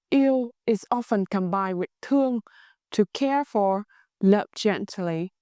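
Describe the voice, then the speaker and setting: A woman with a Vietnamese accent teaching a language lesson in a clear, patient, scripted way. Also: mid-range voice, a little mellow, no echo, studio quality.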